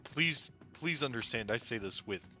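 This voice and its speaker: A man's voice: mid-range voice, animated, moderate pace, bright, forceful tone, faint music behind. A man playing a tabletop game with friends, teasing the others with dry humor. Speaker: player.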